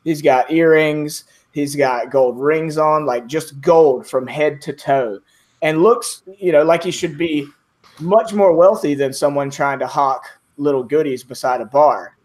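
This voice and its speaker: A man's voice: a little high, measured pace, darkish tone. A man narrating as game master of a tabletop game, rambling with many fillers.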